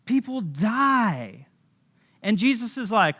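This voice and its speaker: Animated high-voiced man preaching. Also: a little slow. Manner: casual, animated storytelling with voiced asides. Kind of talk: sermon. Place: church.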